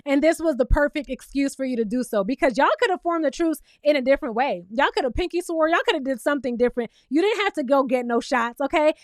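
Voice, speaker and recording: A woman's voice: high-pitched, dry recording, clean studio sound. A woman hosting a casual TV recap, sassy and emphatic, tagging her points with "okay?". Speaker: show recap host.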